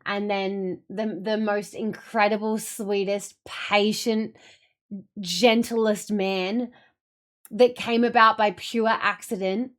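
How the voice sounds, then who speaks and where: A woman's voice: medium pitch, little pitch movement, slow pace. A young adult woman streamer chatting casually with her viewers, telling a long, emotional story in a rambling way.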